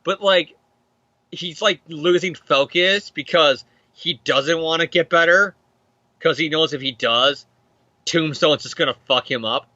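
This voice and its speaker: Man, podcast host, rambling comic book recap, laughs a lot, tense sharp tone, slightly high voice. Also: a little slow, no room sound, muffled recording. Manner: rambling, laughs often, acts out characters with profanity.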